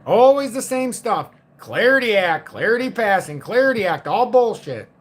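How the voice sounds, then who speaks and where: A man with a notably high-pitched voice holds forth on a casual livestream. He talks bluntly and cynically and swears freely as he rants. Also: big pitch swings, moderate pace. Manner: blunt, profane, cynical ranting. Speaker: crypto market livestream host.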